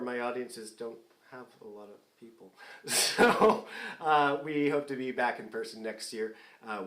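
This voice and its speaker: A singer in his forties hosts a fundraising concert remotely, away from the stage, chatting casually and self-deprecatingly between songs and laughing often. His voice is medium-pitched, and the recording sounds roomy with slight background noise.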